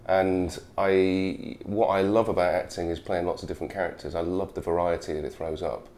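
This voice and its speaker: A man's voice: sits low, little pitch movement, fairly quick, a little mellow, a little hiss or hum. A man, an actor guest, chatting casually in an interview with lots of fillers and restarts. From United Kingdom. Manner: chatty, rambling with many fillers.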